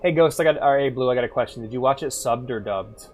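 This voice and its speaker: A man streaming a game and chatting casually, loud and animated, swearing and laughing as he plays. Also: medium pitch, quick pace, soft background music. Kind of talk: casual gaming stream chat.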